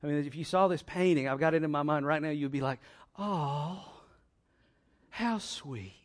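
A man preaching a sermon, with dramatic pauses and repetition, building from quiet to loud, impassioned passages. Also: on the high side, fairly even intonation, clean tone. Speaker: pastor.

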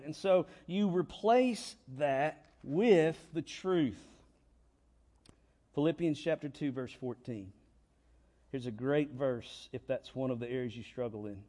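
A man's voice: fairly high pitch, lively intonation, takes it slowly, darkish tone. Man preaching an emphatic sermon. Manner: repetitive, emphatic preaching with rhetorical questions. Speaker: pastor. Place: church.

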